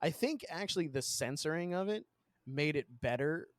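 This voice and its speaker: Man, slightly high voice, dry sound, enthusiastic, laughing, casual swearing. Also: animated, moderate pace, no room sound. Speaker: podcast co-host. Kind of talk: casual chat.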